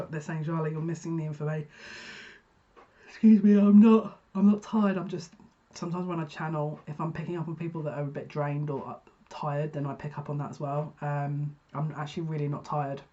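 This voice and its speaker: A psychic reader chatting her way through a card reading, voice sitting mid-pitch and the recording a little dull and lo-fi. She rambles, restarts phrases and interrupts herself as thoughts arrive. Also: flat delivery, a little fast, hardly any pauses, darkish tone. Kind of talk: casual intuitive card reading for viewers.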